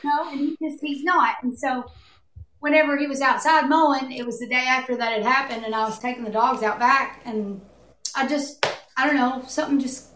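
A woman with a slightly high voice talks in a casual, rambling way. She tells a personal story with heartfelt openness. The room around her rings with a clear echo. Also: steady tone, a little fast, pushed and bright, slight background noise. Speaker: podcast guest. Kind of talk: casual chat. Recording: echoey room.

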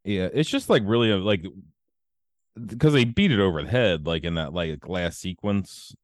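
A man's voice: sits low, expressive, measured pace, no echo, clean studio sound. A man hosting a podcast in casual chat, rambling and profane with many fillers. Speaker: podcast host.

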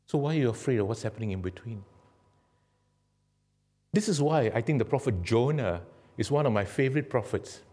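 A man preaching a sermon and telling stories dramatically, swinging from loud to hushed. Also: medium pitch, animated, fairly quick, long pauses, husky. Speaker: guest preacher.

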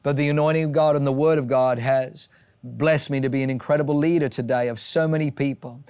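A male pastor giving a sermon with animated storytelling, acting out the voices of people in his stories. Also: mid-range voice, a little fast, clean tone, no echo.

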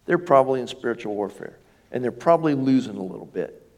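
Gravelly-voiced male pastor preaching. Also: mid-range voice, lively intonation, quick pace. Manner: conversational preaching, asks the congregation questions. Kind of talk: sermon. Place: church sanctuary.

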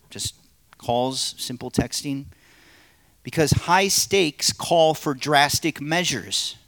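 A male pastor delivering a sermon in short, emphatic phrases and an earnest tone. His voice sits at a middle pitch. The sound is dry and close, with no room echo. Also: a bit bright.

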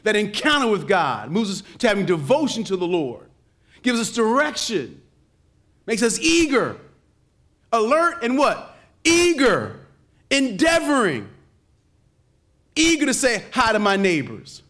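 Pastor guy preaching, voice jumps all over, goes quiet then yells, call and response with the crowd. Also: sing-song, measured pace, pauses often. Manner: preaching with call-and-response, swinging from low murmurs to shouts. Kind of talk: sermon.

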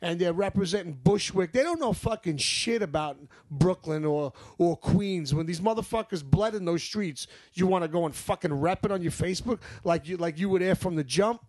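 A young man with a New York accent, talking in a casual chat and heating up into profane rants. His voice sits notably high for a man. He swears freely and pushes his points hard. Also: moderate pace, few pauses, darkish tone. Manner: profane, heated ranting. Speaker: podcast co-host.

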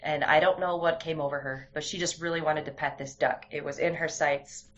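A woman's voice: sits low, steady tone, fairly quick. A young woman talking candidly in a casual conversation, telling stories with frequent restarts. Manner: candid, storytelling, many restarts. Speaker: guest. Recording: dull lo-fi sound.

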